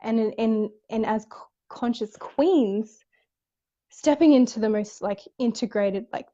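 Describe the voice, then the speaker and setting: A woman's voice: a little high, measured pace, mellow. Earnest woman host, lo-fi sound. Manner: earnest, swears casually, frequent restarts. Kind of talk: casual spiritual chat.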